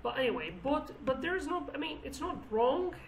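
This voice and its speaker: A woman's voice: sits high, sing-song, a little fast. A woman from Kurdistan with a Kurdish accent, teaching a language lesson and explaining words with frequent restarts. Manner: explanatory, with many restarts and fillers. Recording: roomy with faint background noise.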